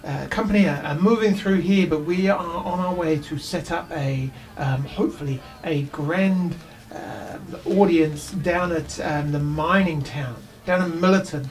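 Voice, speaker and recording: A polished elf showman who stretches his words with theatrical grace, voiced by a man running the game. The voice sits a bit high. It is heard slightly off-mic. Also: a little slow, few pauses, recorded from a distance. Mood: smooth.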